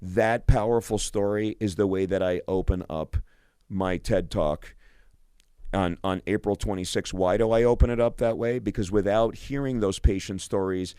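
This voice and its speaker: A man's voice: lowish voice, fairly even intonation, normal speed, warm tone, smooth, no echo, clean studio sound. A male physician hosting a radio show, talking enthusiastically on his own, often restarting and repeating words. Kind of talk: solo radio talk.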